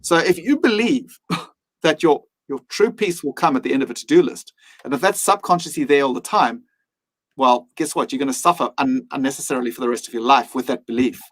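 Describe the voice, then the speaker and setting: A man's voice: mid-range voice, a little fast, low-quality recording. A man speaking as a podcast guest, reflective and earnest, sometimes acting out his own inner voice. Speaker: mindfulness teacher and guest.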